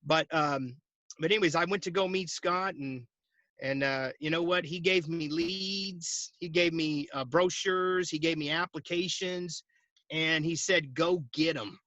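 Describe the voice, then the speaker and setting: A man in his forties telling a story in an interview over a video call, animated and laughing often as he acts out the dialogue. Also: a little high, unhurried, dry recording, muffled recording. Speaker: guest, insurance agency owner. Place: at home.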